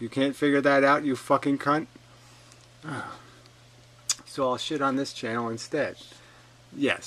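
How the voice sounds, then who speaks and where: A man in a heated rant, answering an opponent's comments one by one. His delivery is combative and sarcastic, packed with swearing and insults, at a middling pitch. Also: pushed and bright, rough recording. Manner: reads out an opponent's comments and fires back. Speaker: video commentator. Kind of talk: ranting rebuttal monologue.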